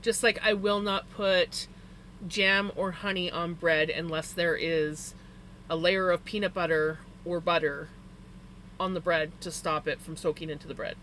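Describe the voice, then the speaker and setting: Bright-voiced chatty streamer. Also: mid-range voice, steady tone, unhurried, slight background noise. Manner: chatty, rambling storytelling with frequent "like" fillers; emphatic about personal preferences. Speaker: live streamer. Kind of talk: casual chat to a live audience.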